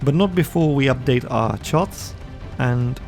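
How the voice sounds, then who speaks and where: With faint music behind him, a podcast co-host unhurriedly narrates a gamebook play-through in a storytelling manner, adding light laughs between sections. His voice is mid-range with a darkish tone.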